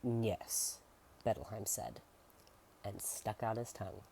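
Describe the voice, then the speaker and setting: A soft-spoken ASMR narrator reads a storybook at a very slow, lingering pace, often sinking into whispers. The voice is mellow and dark in tone, with a lively, swooping pitch. Playful asides break into the reading now and then. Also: slight background noise.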